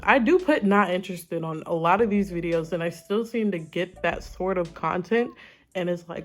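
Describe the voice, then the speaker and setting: A woman's voice: on the low side, normal speed. A woman giving casual reaction commentary on short videos, chatty and dramatic, laughing often. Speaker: YouTube commentator.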